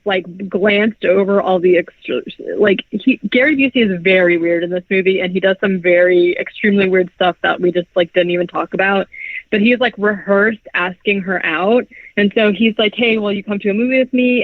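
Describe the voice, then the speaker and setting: A man hosting a podcast, recapping a film in casual, rambling chat and acting out lines in quick voices. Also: sits high, dry recording. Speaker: podcast host. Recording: dull lo-fi podcast audio.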